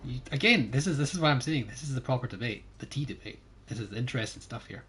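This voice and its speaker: A young Scottish man chatting casually while streaming a game, jokey and talkative, often trailing off quietly. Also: medium pitch, animated, fast, husky. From Scotland. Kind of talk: casual gaming chat.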